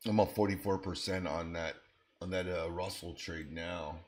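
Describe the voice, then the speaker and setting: Low-voiced man hosting a trading stream. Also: steady tone, normal speed, darkish tone. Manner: casual, thinks aloud while reading chat. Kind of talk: live-stream market commentary.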